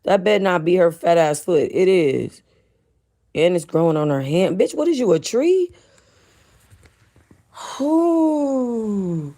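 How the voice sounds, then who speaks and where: Woman livestream host, gravelly voice, profane, laughing, tired, casual chat. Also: lowish voice, animated, takes it slowly, long pauses. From North Hollywood, California. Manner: loud, profane, laughing commentary.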